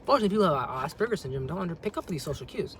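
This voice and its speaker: Guy rambling on camera, kinda high voice, keeps restarting sentences, faint hiss behind. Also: sing-song, very fast, fairly bright tone. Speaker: vlogger. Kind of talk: casual monologue.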